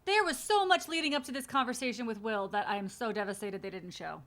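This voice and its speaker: A woman with a bright, forceful voice hosts a stream watch party. She gives casual, blunt reaction commentary with easy swearing in a chatty tone. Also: fairly high pitch, quick pace.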